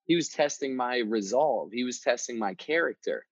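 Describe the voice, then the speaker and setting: A man hosting a motivational podcast, telling a personal story in a casual, energetic way and often repeating himself. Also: medium pitch, moderate pace, no room sound. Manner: energetic, conversational, repeats words. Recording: dull, dry sound.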